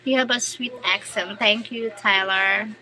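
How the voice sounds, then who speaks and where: A Filipino woman hosting a casual livestream, reading viewer comments aloud and answering in halting English mixed with Tagalog. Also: medium pitch, fairly even intonation, low-quality recording. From Philippines. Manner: switches between English and Tagalog, halting English with restarts. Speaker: livestream host.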